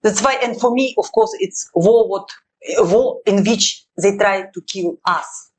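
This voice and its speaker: A woman from Russia, a war correspondent, answering interview questions in halting non-native English with a Russian accent and firm emphasis. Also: mid-range voice, low-quality recording.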